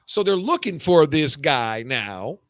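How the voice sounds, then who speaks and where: A man's voice: a little high, slow, no room sound. A man in his fifties co-hosting a talk show, telling crude stories in casual chat over a cheap headset. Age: 50s. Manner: animated storytelling, crude jokes. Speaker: radio show co-host.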